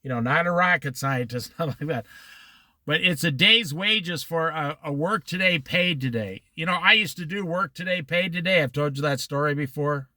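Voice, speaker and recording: A man's voice: fairly high pitch, moderate pace, sharp tone, no room sound, studio quality. A man from Iowa leading a casual Bible study outdoors by the ocean at dusk, talking in a folksy, rambling way and wandering into side stories.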